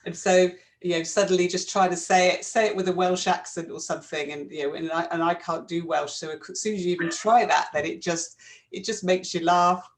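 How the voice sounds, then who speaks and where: A woman's voice: lowish voice, steady tone, brisk. A woman co-hosting, talking in a thoughtful, explanatory way during a casual chat. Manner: thoughtful, explaining, gentle fillers. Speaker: co-host.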